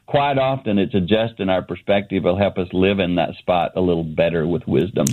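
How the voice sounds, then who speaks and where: A man's voice: low-pitched, a little fast. Middle-aged male guest for a call-in segment, earnest storyteller, heard over a thin phone line. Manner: earnest, animated storyteller who acts out dialogue. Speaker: ministry founder, guest. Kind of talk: telling a personal story on a radio show. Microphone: remote line.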